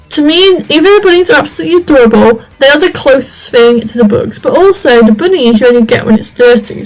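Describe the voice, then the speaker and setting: Chatty high-voiced woman narrating gameplay. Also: poor audio. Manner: chatty, rambling, lots of fillers. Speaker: video game creator. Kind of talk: casual gameplay commentary.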